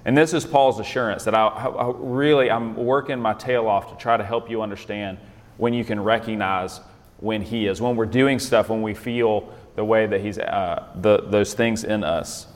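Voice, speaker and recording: A man's voice: on the low side, fairly even intonation, normal speed, long reverb tail. A man leading an interactive Bible lesson in a conversational way, often quizzing his listeners with questions. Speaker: Bible study leader.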